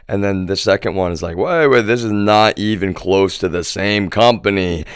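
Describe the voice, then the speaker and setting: A man's voice: fairly low pitch, moderate pace, clear, resonant tone, no room sound, studio quality. A man livestreaming from home, delivering a profane, agitated monologue to his viewers and addressing them again and again as "y'all". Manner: profane, repeatedly says "y'all". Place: home residence.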